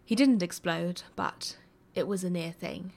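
Soft-spoken woman reading a story. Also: on the low side, unhurried, gravelly. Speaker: reader. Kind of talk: reading fan fiction aloud.

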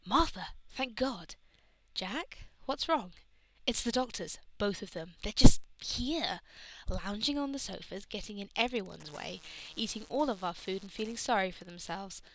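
A woman's voice: mid-range voice, expressive, a little slow, fairly bright tone, rough recording. A woman reading the part of an exasperated, flirtatious man complaining urgently.

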